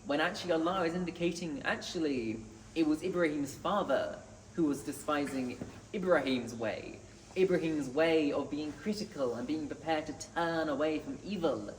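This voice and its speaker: A man giving an earnest Friday sermon in a mosque, reciting Arabic scripture between his points. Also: a little high. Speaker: mosque preacher. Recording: echoey hall, distant mic, faint noise.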